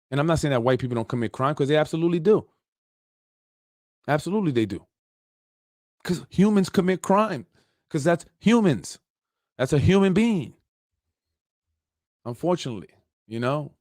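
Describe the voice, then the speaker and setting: This Yonkers, New York political talk show host has a slightly high, slightly mellow voice captured in a dry, clean studio recording. His unscripted rant is loose, full of sarcastic asides and plenty of "you know."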